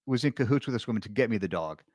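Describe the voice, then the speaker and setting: A man's voice: lowish voice, lively intonation, very fast, darkish tone, dry recording, studio quality. A middle-aged man, a podcast guest, telling a long personal story in casual chat, rambling with restarts and fillers.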